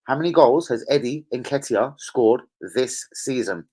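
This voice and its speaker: A man's voice: medium pitch, lively intonation, measured pace, mellow. A man ranting angrily on a live stream as a football fan streamer, swearing heavily and getting worked up. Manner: angry, profane, heated.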